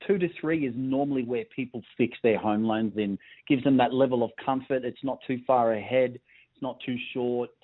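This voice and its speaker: A Scottish-born man with an Australian accent talks finance in a matey, self-deprecating way. His voice is mid-pitched. It comes through a narrow, tinny phone line. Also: moderate pace. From Scotland. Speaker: mortgage broker guest. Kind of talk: casual radio phone interview.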